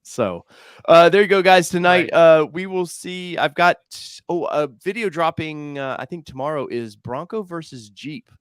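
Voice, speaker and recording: A man hosting a casual chat show, laid-back and quick to laugh. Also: a little high, clear, resonant tone, no echo, studio quality. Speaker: host.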